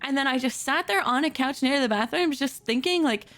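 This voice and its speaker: A woman with a high, bright-pitched voice chats casually from her computer at home and tells a story. She is animated and giggly and acts out the people in it. Her talk is full of fillers and quick restarts. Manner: many fillers and self-corrections. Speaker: streamer telling stories.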